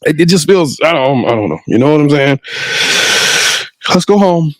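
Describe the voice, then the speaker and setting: A man hosting a sports talk show, hyping his guest up and closing the episode with emphatic, shouted praise. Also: a little high, animated, moderate pace, dry recording. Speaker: podcast host. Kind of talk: energetic sports show sign-off.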